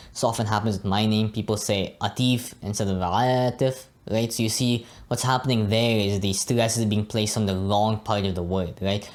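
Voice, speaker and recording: A young man giving a casual Arabic pronunciation lesson, often tagging his sentences with "right?" and "you know". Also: on the low side. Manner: relaxed, frequently adds "right?" and "you know". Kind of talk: casual teaching monologue.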